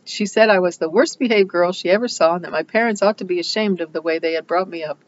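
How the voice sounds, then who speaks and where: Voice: mid-range voice, quick pace, dull audio, slight background noise, natural voice. A reader doing a loyal, nervous young girl. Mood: hushed.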